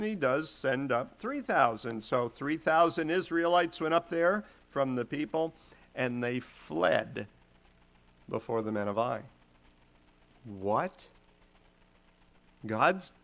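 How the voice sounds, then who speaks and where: A man's voice: mid-range voice, gravelly, a bit bright. A man teaching a Bible study, retelling scripture in casual, modern phrasing.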